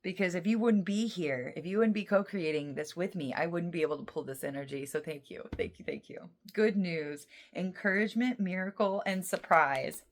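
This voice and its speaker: A woman with a somewhat low voice talks viewers through a tarot reading in a casual, unscripted way. She is emotional and excitable, breaking off and restarting her sentences as she goes. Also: normal speed, hardly any pauses. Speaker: tarot reader.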